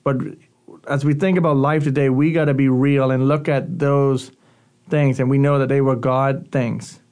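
A man's voice: mid-range voice, level tone, normal speed, darkish tone, clear, resonant tone. A male youth pastor giving a radio sermon talk in a conversational, earnest teaching manner.

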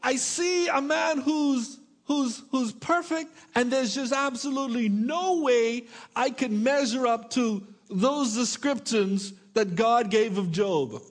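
Middle-aged male pastor, very high pitch, emphatic sermon delivery with playful asides. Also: takes it slowly, hardly any pauses. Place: church with congregation.

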